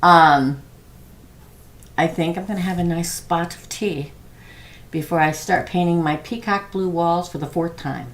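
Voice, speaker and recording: A woman's voice: lowish voice, a little slow, long pauses, a little hiss or hum. A middle-aged woman doing a chatty live-stream tarot reading, laughing often and talking to viewers by name. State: prone to losing her voice. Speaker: tarot reader.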